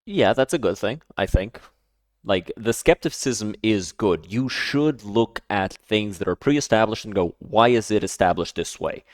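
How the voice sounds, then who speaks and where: A man with a lowish voice talks through a reaction in a casual, emphatic way. He piles up repeated words and restarts his sentences as he argues. The sound is close and dry, with no room around it. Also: expressive, unhurried, no echo. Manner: emphatic, repeats himself, stammers restarts when worked up. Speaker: streamer reacting to a video.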